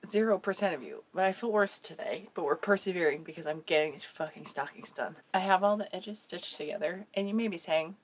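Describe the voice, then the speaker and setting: A woman with a somewhat low voice chats her way through a sewing project at home. She has a cold and a sore throat, and her talk is casual and wry, with easy swearing. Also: fairly quick, hardly any pauses, slight background noise. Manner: chatty, swears casually, dry jokes. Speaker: sewing vlogger. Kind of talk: casual craft vlog chat.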